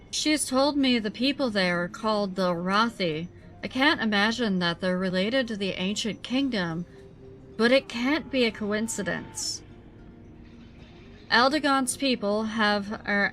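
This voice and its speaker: Woman streamer doing a beaten-down but hopeful young king: slow, earnest, bright tone. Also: mid-range voice, lightly acted. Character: weary young human king, still hopeful.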